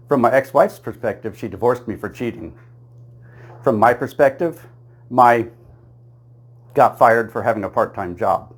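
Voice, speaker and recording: Man, joke teller, middle pitch, dry storytelling delivery, laughs at own punchlines. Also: normal speed, pauses often. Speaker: comedian telling jokes. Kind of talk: joke-telling monologue.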